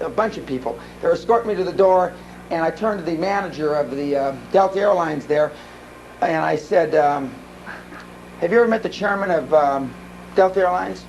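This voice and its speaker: A man's voice: high-pitched, darkish tone, lo-fi sound, a little hiss or hum. A man giving a live seminar talk, telling blunt, profane stories full of restarts. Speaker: seminar speaker. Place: seminar room.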